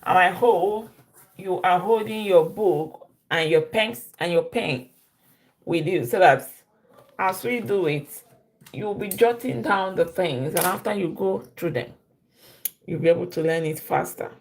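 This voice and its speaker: A woman teaching a live-stream language lesson, repeating each phrase slowly for learners. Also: lowish voice.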